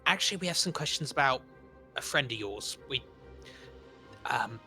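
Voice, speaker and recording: A man's voice: mid-range voice, animated, moderate pace, sharp tone, faint music behind. A man playing a tabletop game, talking in a hesitant way with fillers. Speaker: player. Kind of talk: casual tabletop game play.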